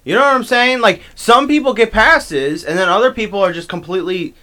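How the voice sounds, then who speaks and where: A man co-hosting a podcast, talking in an animated way and asking leading questions. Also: high-pitched, fairly quick. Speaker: podcast co-host. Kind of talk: casual chat.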